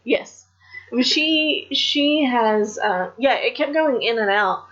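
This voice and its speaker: A woman's voice: on the high side, lively intonation, slow pace, fairly bright tone. Frank, profane woman podcaster. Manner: frank, profane, trails off and restarts. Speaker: podcast co-host. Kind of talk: casual chat about wrestling. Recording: dull lo-fi podcast audio.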